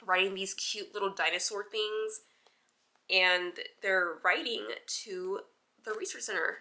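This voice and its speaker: Chatty bright-voiced woman vlogging about books. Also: mid-range voice. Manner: chatty and animated, heavy use of "like"; casual swearing. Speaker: book vlogger. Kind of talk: casual reading vlog chat.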